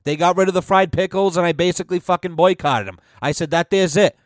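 A man's voice: sits high, fast talker, no room sound, clean studio sound. A young man hosting a podcast, telling rambling comic stories in a casual, profane monologue. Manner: profane, rambling, animated storytelling. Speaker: podcast host.

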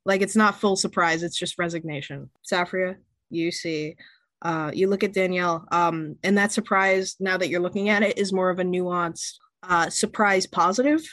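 A woman game master narrating a tabletop game in a relaxed, descriptive, chatty way. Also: fairly low pitch, moderate pace, dry recording.

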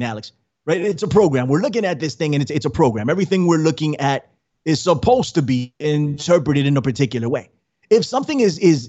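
A man's voice: fairly high pitch, breathy edge, muffled recording. A man hosting a casual livestream podcast, rambling and repeating words as he greets the chat. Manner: rambling, repeats words, friendly shout-outs. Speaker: podcast host.

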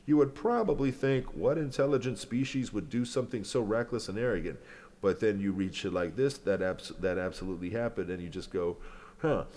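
A man's voice: fairly low pitch, a little mellow. A man hosting a podcast alone, rambling and joking with lots of swearing, then freestyle rapping. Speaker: podcast host. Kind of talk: casual solo commentary and freestyle rap.

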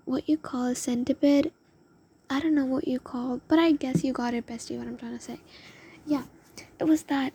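A woman's voice: high-pitched, steady tone, normal speed, long pauses, dark tone. A young woman telling a rambling, emotional story in a confessional vlog, often dropping into a whisper. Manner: rambling, emotional, lots of "oh my God". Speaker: vlogger.

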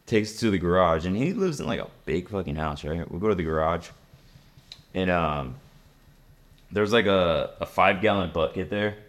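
A young man hosting a casual podcast, telling a story in a laid-back, profane and lively way. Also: deep voice, normal speed. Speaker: podcast host.

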